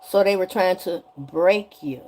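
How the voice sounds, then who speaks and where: A woman's voice: lowish voice, measured pace, a little mellow, a little hiss or hum. A woman giving a spiritual energy reading straight to the viewer in a sassy, chatty way, often asking "okay?". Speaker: tarot energy reader.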